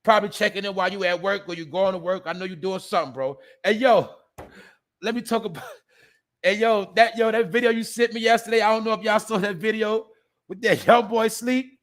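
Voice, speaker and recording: A man with a high voice hosts a casual live stream at a fairly quick clip. He talks loosely in street slang and gives shout-outs to viewers in the chat.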